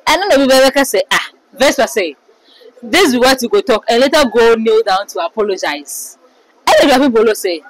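A woman with a Ghanaian accent runs through celebrity gossip in a casual, animated way. Her voice sits a little high. She throws herself into the quotes and comments she reads out. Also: normal speed, rough recording. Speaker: entertainment commentator.

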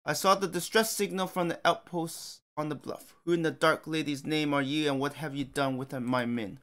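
A man's voice: fairly high pitch, fairly even intonation, normal speed, fairly bright tone, lightly acted. A man voicing a suspicious, sarcastic male human commander who speaks in an accusing way.

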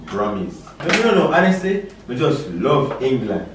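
A man's voice: a little high, big pitch swings, moderate pace, background noise. A man with a Jamaican accent, a vlogger chatting casually and joking about his own pronunciation. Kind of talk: casual chat. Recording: echoey room, far from the mic, crowd behind.

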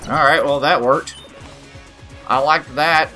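A man giving excitable let's play commentary, yelping, swearing and cheering at the game as he plays. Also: fairly high pitch, slow, soft background music. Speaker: gaming channel host.

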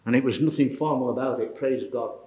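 A man's voice: mid-range voice, quick pace, lo-fi sound, crowd noise. An older man preaching an informal sermon to a church meeting, folksy and exclamatory, often chuckling as he talks.

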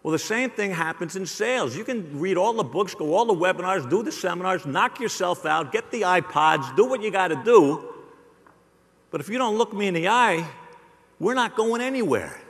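A man's voice: sits high, lively intonation, normal speed, a bit bright. A middle-aged man giving a joking, rhetorical live sales keynote to an audience in a large hall. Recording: long hall reverb.

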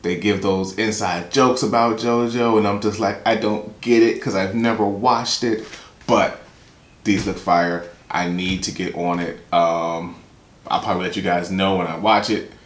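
Deep-voiced hyped reaction host, echoey room. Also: male voice, a little slow. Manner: excited, slangy, hyped commentary. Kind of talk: casual reaction commentary. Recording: echoey room with loud music. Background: anime opening music playing.

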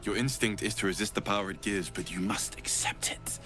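A man's voice: lowish voice, a little fast, sharp tone. An actor voicing a mysterious, protective young male guardian who speaks earnestly and reassuringly in video game dialogue. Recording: game music behind the voice.

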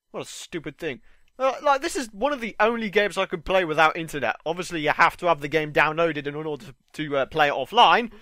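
A young man with a slightly stuffed-up voice, chatting excitably and swearing mildly as he comments on his own gameplay. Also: fairly high pitch, dry recording, studio quality. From United Kingdom. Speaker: gaming channel host.

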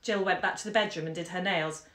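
A woman bookseller reading a short story aloud on a live stream from home, measured and lively in the dialogue. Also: on the low side. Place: home during lockdown. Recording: echoey room.

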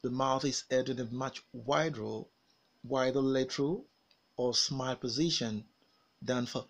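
In a mid-range voice with vocal fry, a phonics teacher works through a slow pronunciation drill. He exaggerates each vowel and model word, stopping so his learners can say them back.

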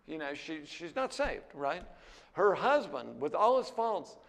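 An older American man gives a Bible class lecture in a plain, conversational way, and his voice sits a little high for a man. He talks candidly and keeps checking in with his listeners, and his pitch jumps up sharply when he gets animated. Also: unhurried, gravelly, long reverb tail. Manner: candid, conversational, with frequent "right?" and "you know". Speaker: seminary teacher.

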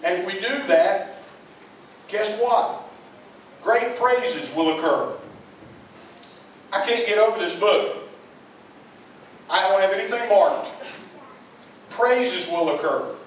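A man's voice: sits high, animated, slow pace, long pauses. A man preaching a sermon to his congregation, earnest and repetitive, speaking straight to the people in the pews. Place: church sanctuary. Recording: very echoey church hall, mic far off, faint noise.

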